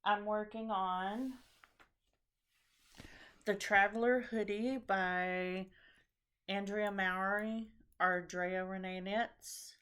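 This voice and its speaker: A woman chatting casually as a knitting show host, tired and a bit scattered. She talks at an unhurried, slow pace, rambling and pausing with ums and restarts. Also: medium pitch, steady tone, a bit bright, smooth. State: tired after a long trip. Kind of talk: casual chat about knitting projects.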